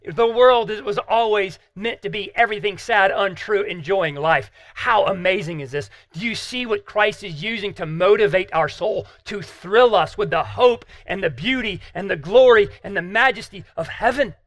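A man's voice: sits high, moderate pace, hardly any pauses, a bit bright, no echo. A man preaching a sermon as pastor, earnest and emphatic, asking the listeners rhetorical questions.

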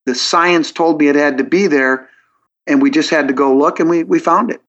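Speaking at a moderate pace, the man has a high-leaning, slightly bright voice. He's an earnest podcast interview guest who logically walks through his thinking, often restarting what he's saying. Audio is dull lo-fi.

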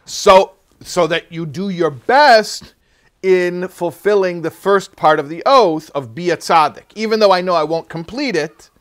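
A man teaching a religious text class, explaining ideas in an animated way and acting out little quoted voices. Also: sits high, unhurried. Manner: animated, acts out quoted people, many restarts. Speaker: Torah teacher. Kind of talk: classroom lesson.

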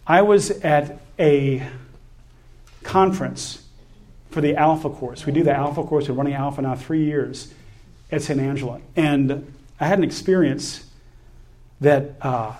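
A man preaching a sermon, telling a personal story in an animated way and laughing between lines. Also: fairly high pitch.

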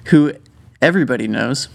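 A young man from Minnesota, co-hosting a podcast in casual chat and pitching ideas in a laid-back way. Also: vocal fry. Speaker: podcast co-host.

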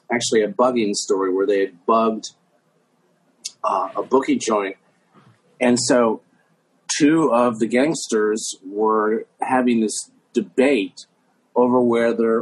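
A man's voice: lowish voice, breathy edge, rough recording. A man hosting a podcast, telling a story in a rambling way with many fillers. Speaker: podcast host. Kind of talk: casual storytelling.

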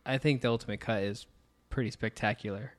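A man hosting a casual podcast, easygoing, steering the conversation and thinking out loud as he goes. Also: fairly low pitch, fairly even intonation, brisk. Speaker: podcast host.

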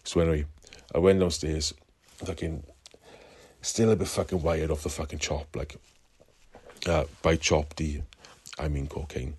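A man's voice: a bass voice, steady tone, a little slow, long pauses, a little mellow, husky. A Welsh man calling in to tell a rambling story, swearing constantly. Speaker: caller. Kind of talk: recorded call-in story.

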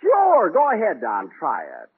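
A man's voice: a little high, wildly swooping pitch, a little slow, husky. Huffy, exasperated man on old radio. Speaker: comedy show host. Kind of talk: 1940s radio comedy. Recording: tinny 1940s radio broadcast.

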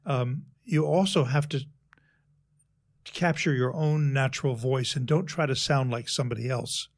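In a conversational interview, this male speechwriter explains things carefully and steps through worked examples. His voice sits in the mid range.

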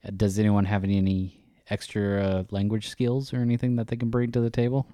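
A man's voice: on the low side, completely flat delivery, fast talker, dark tone, clear, resonant tone, no echo, studio quality. A man from the United States hosting a casual podcast, steering the talk with questions.

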